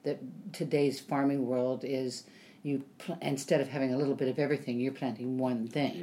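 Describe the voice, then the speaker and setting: A woman's voice: rumbling low, steady tone, brisk, dark tone. A woman actor chatting as an interview guest, telling stories with many ums and acting out what people said. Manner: chatty storyteller with frequent ums, acts out quotes. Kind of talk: casual interview chat.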